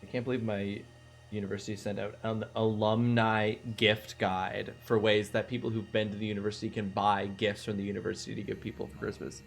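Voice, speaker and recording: A young adult man streaming a video game, chatting casually and excitably with his chat. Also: lowish voice, brisk, creaky, soft background music.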